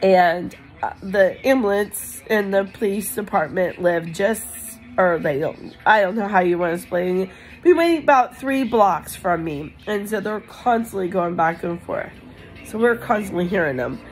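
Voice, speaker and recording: A woman's voice: medium pitch, lively intonation, moderate pace, faint music behind, rough recording. A woman vlogger telling a personal story in a rambling, emotional way with many fillers. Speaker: crafting channel vlogger.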